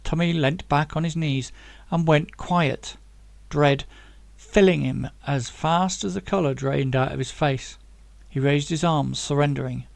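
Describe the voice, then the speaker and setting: A man reading his own novel aloud in steady, dramatic audiobook narration. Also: on the high side, unhurried, vocal fry, dry recording.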